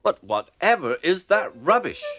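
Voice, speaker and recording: A man's voice: medium pitch, big pitch swings, slow, a bit bright, voice pushed up. A man putting on Daisy, a prim vain railcar. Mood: disdainful. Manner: haughty, complaining, prim. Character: vain fussy female diesel railcar. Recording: music playing underneath.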